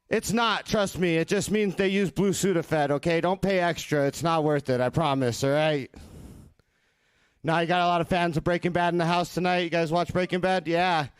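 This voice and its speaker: A man's voice: sits high, smooth, no echo. A man doing a stand-up set, swearing freely and working the crowd with questions. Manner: profane, crowd-working delivery. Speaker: stand-up comedian.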